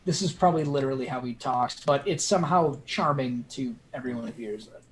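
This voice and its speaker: Casual male game master, middle pitch, light noise under the voice. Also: brisk, rough recording. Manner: easygoing, laughs often. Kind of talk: narrating a tabletop game.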